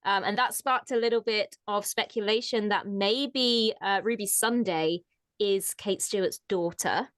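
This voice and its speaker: A woman's voice: mid-range voice, unhurried, fairly bright tone, no echo, clean studio sound. A woman co-hosting a casual fan discussion, often laughing mid-sentence as she talks through news. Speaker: co-host. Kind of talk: casual chat.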